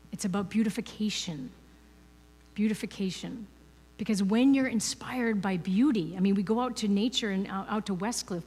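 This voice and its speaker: A woman's voice: mid-range voice, darkish tone, husky. A woman giving a conversational inspirational talk as a guest speaker at a spiritual ministry, chatty and full of "you know" and "right?". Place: ministry service hall, indoors. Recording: reverberant hall.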